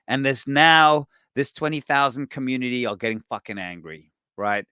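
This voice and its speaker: A man hosting a podcast, telling a story in a casual, animated way, swearing and acting out what people said. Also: mid-range voice, brisk, hardly any pauses, clear, resonant tone, dry recording, studio quality. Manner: animated, swearing, acts out quoted voices. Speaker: podcast host.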